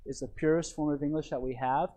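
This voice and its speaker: A man's voice: on the high side, steady tone, quick pace, warm tone, rough recording. A man, a pastor teaching from a sermon outline, often checking in with his listeners and repeating phrases. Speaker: pastor teaching a Bible lesson.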